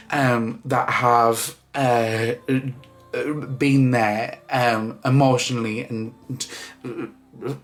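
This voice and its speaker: A man talking through tears in a casual vlog, halting and restarting with many fillers as he thanks friends. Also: mid-range voice. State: crying. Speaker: vlogger.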